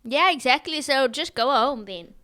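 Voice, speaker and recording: A young woman hosting a podcast, chatting fast and giggly with strong opinions. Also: high voice, lively intonation, bright, forceful tone, a little hiss or hum. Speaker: podcast host. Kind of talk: casual chat.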